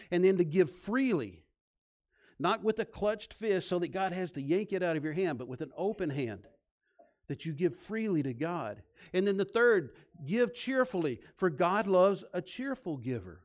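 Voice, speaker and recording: Man preaching a sermon in a higher voice. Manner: storytelling, emphatic preaching with listed points. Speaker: pastor.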